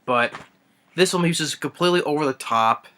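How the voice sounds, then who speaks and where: A young man rants about a film he disliked, circling back and restarting his sentences often. His voice is bright and forceful and sits a little high. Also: fairly quick. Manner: rambling, many restarts and fillers. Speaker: movie reviewer. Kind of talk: unscripted rant review.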